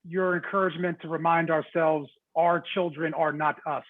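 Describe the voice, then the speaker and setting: A man moderates an interview, speaking in a measured way as he puts questions to his guest. His voice is notably high for a man. The audio comes through thin and tinny, like a phone line, with no room sound. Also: little pitch movement, dry recording. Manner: measured, reads out audience questions with brief affirmations. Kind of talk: hosting an online interview.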